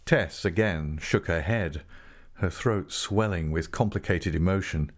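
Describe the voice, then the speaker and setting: A man narrating a classic novel in a measured, expressive audiobook reading. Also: deep voice.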